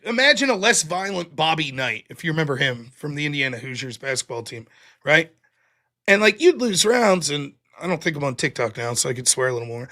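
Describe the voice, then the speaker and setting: A man's voice: a little high, bright, forceful tone. A man hosting a livestream commentary show, talking bluntly and swearing freely. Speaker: host.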